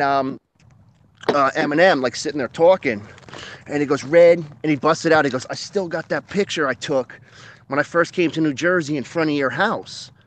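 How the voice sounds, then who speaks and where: A man's voice: on the high side, a little hiss or hum. A man co-hosting a casual shop-talk podcast, laid-back and profane, laughing often. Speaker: podcast co-host. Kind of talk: casual chat.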